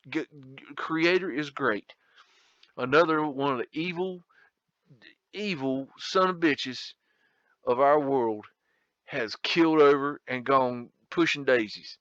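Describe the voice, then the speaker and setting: A man's voice: medium pitch, slow, a bit bright, no echo, dull audio. A man hosting a casual photo tour, rambling, blunt and profane, with a folksy drawl. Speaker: video host.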